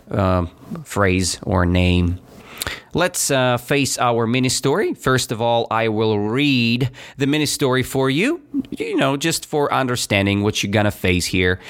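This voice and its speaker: A man teaching a vocabulary lesson, explaining slowly and checking in with the listener after each point. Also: mid-range voice, fairly bright tone, clear, resonant tone. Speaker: English teacher. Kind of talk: language lesson.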